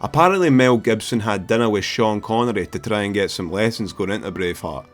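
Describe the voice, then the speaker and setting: A brash Scottish man hosting a film review video, lively and quick to swear. His voice sits fairly low, with faint music behind him. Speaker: film reviewer and YouTube host. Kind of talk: casual comedic video commentary.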